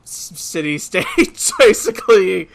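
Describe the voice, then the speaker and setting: A man from California co-hosting a casual podcast, chattering in a quick, animated way with frequent laughter. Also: high voice, creaky, slight background noise. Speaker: podcast co-host. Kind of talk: casual chat.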